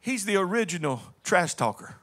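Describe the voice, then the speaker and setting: High, bright-voiced preaching pastor. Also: male voice, very animated, moderate pace. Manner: dramatic preaching that swings between shouting and low, quiet passages; folksy, playful storytelling with calls to the congregation. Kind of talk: sermon.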